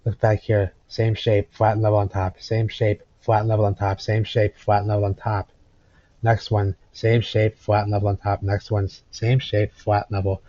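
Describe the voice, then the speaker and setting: A man's voice: little pitch movement, moderate pace, mellow, no echo. A man rambles through old photographs in casual commentary. He circles back and repeats phrases. The recording is dry and a little dull. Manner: rambling, repeats phrases, talks to his cat in a high cooing voice. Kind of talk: casual commentary over pictures. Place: indoors at home.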